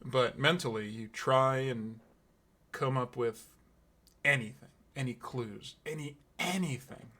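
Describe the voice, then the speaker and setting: A man runs a tabletop game as game master, narrating slowly and quietly with deliberate pauses. His mid-pitched voice sounds bright and clear. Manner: slow, hushed, deliberate narration.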